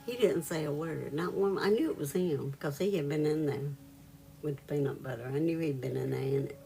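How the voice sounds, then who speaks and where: A woman with a fairly low voice and a gravelly, creaky texture hosts a live stream. She chats casually with her viewers, laughs often and greets them by name. Soft music plays faintly behind her. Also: brisk. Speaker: reiki live stream host.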